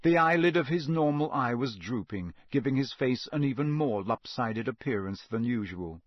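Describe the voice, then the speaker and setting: Husky guy narrating an audiobook, steady, mid pitch, dry close sound. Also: normal speed, no echo. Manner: steady storytelling. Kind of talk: scripted narration.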